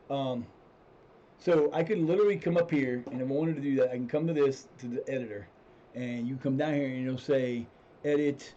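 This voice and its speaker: A man's voice: medium pitch, a little fast, mellow, highs cut off, slight background noise. A man streaming a football management game, chatting casually as he plays, often restarting his sentences and cursing when things go wrong. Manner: rambling, restarts sentences, swears when frustrated. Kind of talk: casual gameplay commentary.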